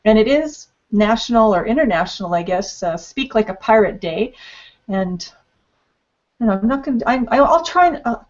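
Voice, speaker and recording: A woman's voice: mid-range voice, expressive, moderate pace, a little mellow. A woman hosting a live online panel, playful and bubbly, talking with many fillers over a video call. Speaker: host. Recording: dull lo-fi web stream audio.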